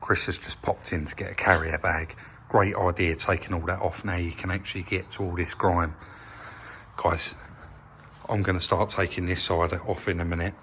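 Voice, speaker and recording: An English man from England hosts a repair vlog inside a vehicle workshop, chatting casually while pointing out details. His voice sits low with a flat delivery, a moderate pace and a sharp tone, and there's a little hiss or hum.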